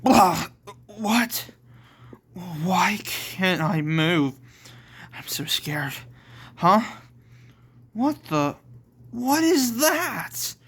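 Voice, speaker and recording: A frantic young man cries out in fear and defiance, as a man acts him out. His voice is high, bright and crisp, read slowly for a homemade storybook. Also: sing-song, heavily acted. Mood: terrified. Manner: frantic shouting. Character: young man Edward, panicked and desperate.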